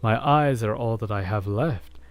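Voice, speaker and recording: A man reading a gentle commanding prince. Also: on the low side, moderate pace, no echo, natural voice. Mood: solemn. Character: gentle male statue prince, kind but commanding.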